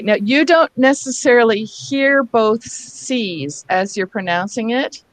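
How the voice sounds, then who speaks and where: On a video call, a reading instructor runs a workshop for teachers, patiently breaking words down syllable by syllable. Her voice is fairly high in pitch and the recording is dry.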